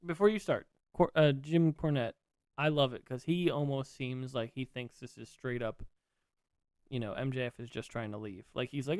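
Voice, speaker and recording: A man co-hosting a podcast, chatting about wrestling in an excitable, jokey, rambling way. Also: mid-range voice, moderate pace, smooth, no echo, clean studio sound. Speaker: podcast co-host. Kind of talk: casual wrestling chat.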